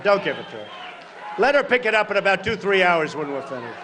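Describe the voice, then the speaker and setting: A man in his sixties giving a campaign rally speech at a podium, repeating short punchy phrases and breaking into shouts. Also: high-pitched, sing-song, fast talker, a crowd in the background, background noise. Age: 60s. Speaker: political candidate at a rally. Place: large rally venue.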